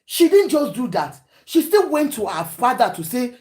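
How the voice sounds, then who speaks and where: A woman's voice: sits high, big pitch swings, normal speed, few pauses, darkish tone. A Nigerian woman hosting a talk show, giving preachy, emphatic commentary to her panel and often switching into Yoruba.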